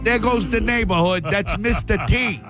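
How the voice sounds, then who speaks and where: A man doing a comic impression of nosy, fussy suburban neighbors in a high, fluttery gossip voice. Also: moderate pace, over music, close to an everyday voice. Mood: gossipy.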